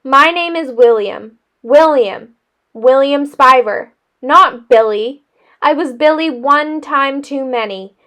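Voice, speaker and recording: A woman's voice: high voice, slow pace, fairly bright tone. A woman reading a storybook aloud, voicing a dramatic boy who talks in a formal, self-pitying way. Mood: sorrowful. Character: dramatic, wordy boy with dark glasses.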